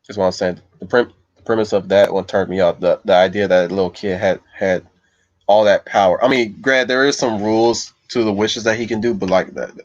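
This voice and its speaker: Low-voiced man rambling on a livestream. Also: fairly quick, no room sound. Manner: loose, meandering, thinks aloud while answering viewers. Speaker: livestream host reading chat. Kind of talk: casual rambling livestream chat. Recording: slightly dull lo-fi mic, dry.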